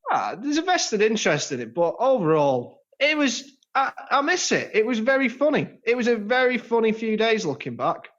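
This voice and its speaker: Jokey higher-voiced man on lo-fi audio. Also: very animated, moderate pace, hardly any pauses, fairly bright tone. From England. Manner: chatty, jokey, trails into laughs. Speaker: podcast co-host. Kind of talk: casual football chat. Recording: slightly dull lo-fi sound.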